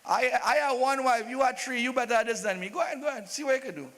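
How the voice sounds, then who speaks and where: A man's voice: very high-pitched, quick pace, a bit bright, big-room sound. A man voicing an amused male advisor who teases the king. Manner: laughing, teasing.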